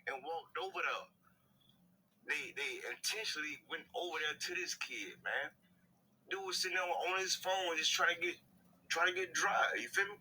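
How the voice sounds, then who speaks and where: A man's voice: fairly high pitch, normal speed, pushed and bright, poor audio. A man casually telling what he saw as a witness, in slangy everyday speech. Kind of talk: casual account in an interview clip.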